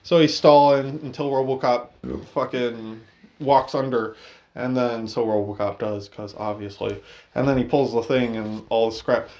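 A man casually retelling a film's plot with lots of swearing and quick acted-out quotes. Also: medium pitch, fairly even intonation, darkish tone. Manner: profane, laid-back retelling with acted-out quotes. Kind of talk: casual movie recap chat.

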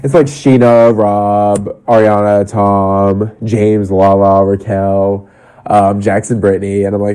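Gossipy swearing male podcast host, dark tone. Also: little pitch movement, a little slow, clear, resonant tone. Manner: gossipy, swears a lot, acts out cast members in high voices. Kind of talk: casual chat.

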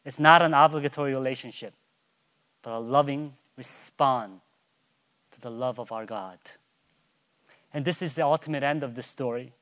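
A man pastor preaching a sermon, moving from soft, hushed storytelling to loud, soaring proclamation and acting out a child's calls in a high voice. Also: normal speed, pauses often.

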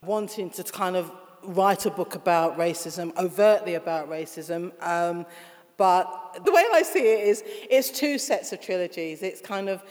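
Lively woman author chatting away, laughs a lot, does little voices, bit of reverb. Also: on the low side, unhurried. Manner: animated, laughing, acts out quoted voices. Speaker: author being interviewed. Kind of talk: casual interview storytelling.

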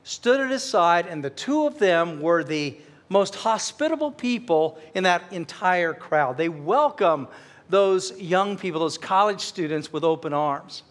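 A middle-aged pastor preaches in a notably high voice. He tells a personal story with earnest warmth and presses his points with fervent emphasis. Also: animated, measured pace. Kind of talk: sermon.

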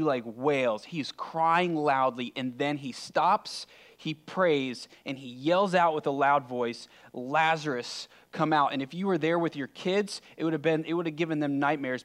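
A man preaching a sermon in a conversational, emphatic way, often dropping suddenly to a quiet voice. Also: medium pitch. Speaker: pastor.

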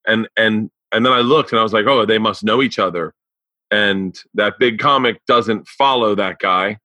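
A man's voice: lowish voice, normal speed, bright, forceful tone, no echo. A man hosting a podcast, chatting casually with lots of swearing and stammered restarts. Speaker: podcast host. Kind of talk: casual interview chat.

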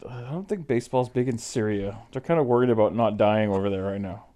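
A man's voice: lowish voice, fast talker, dark tone. A man co-hosting a casual chat, dry and sarcastic. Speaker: podcast co-host.

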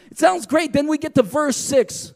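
A man's voice: very high voice, normal speed, vocal fry, darkish tone. A man preaching a sermon in an emphatic style, often asking his listeners "right?". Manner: emphatic, repeats "right?" to the audience. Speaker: pastor.

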